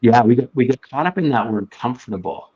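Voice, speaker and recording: A man's voice: medium pitch, animated, fairly quick, darkish tone. A man telling his story earnestly as a podcast guest, sometimes acting out his own inner voice. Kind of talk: casual chat. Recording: dull lo-fi sound.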